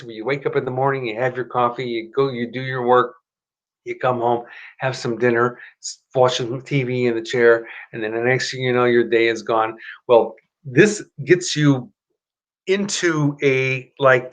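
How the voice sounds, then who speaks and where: A man's voice: medium pitch, fairly bright tone. Chatty man hosting a live stream. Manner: chatty, rambling, self-correcting, motivational. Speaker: host of a live stream show. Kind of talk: casual live-stream talk and self-help pitch.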